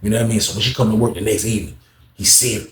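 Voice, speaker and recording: A man's voice: fairly low pitch, racing. A man telling a story to his viewers in a casual, slangy and profane way. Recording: roomy echo.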